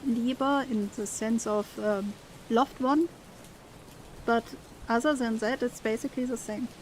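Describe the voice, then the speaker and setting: A woman's voice: on the high side, a little slow, slight background noise. A young woman who streams games, reading the characters' dialogue aloud with feeling and chatting casually with her viewers. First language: German. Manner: reads dialogue expressively, then chats casually.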